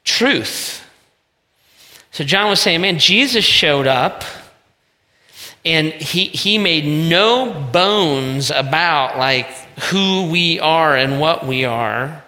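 Pastor, male, casual emphatic sermon delivery; bright voice, long hall reverb. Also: fairly high pitch, animated, takes it slowly. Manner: conversational preaching with emphatic asides.

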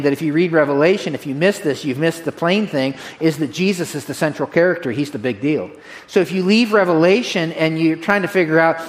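A male pastor preaching to his congregation with energy and a folksy, conversational touch. His voice sits a little higher than most men's, and he circles back to drive his main points home. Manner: energetic, direct, repeats key phrases to a congregation. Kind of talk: sermon.

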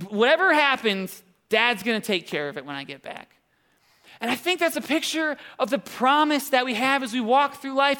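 A man's voice: very high voice, pushed and bright. A young adult man giving a sermon, a pastor who tells a self-deprecating personal story to make his point.

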